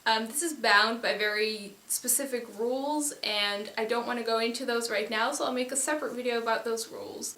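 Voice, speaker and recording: A woman's voice: a little high, pushed and bright. A woman whose first language is Dutch, giving a casual video lesson and explaining rules step by step. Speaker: language teacher. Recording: echoey room.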